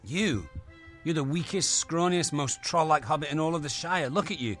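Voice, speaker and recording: A man's voice: on the high side, animated, moderate pace, fairly bright tone, soft background music, pitched above the performer's own voice. A man doing a snooty hobbit. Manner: mocking, snooty insults. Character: haughty male hobbit adventurer.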